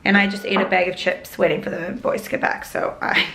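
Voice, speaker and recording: A woman's voice: fairly low pitch, little pitch movement, fairly quick, vocal fry. A woman chatting casually while cooking, joking and thinking aloud as she goes. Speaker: vegan cooking vlogger. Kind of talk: casual cooking vlog chat. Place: home kitchen. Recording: echoey kitchen, faint noise.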